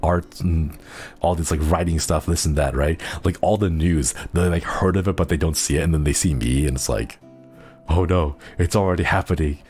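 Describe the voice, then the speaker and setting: A man's voice: extremely low pitch, moderate pace, darkish tone, faint music behind. A young man streaming as a virtual idol, chatting casually in a rambling way full of fillers and giggly asides. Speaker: VTuber streamer. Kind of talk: casual chat.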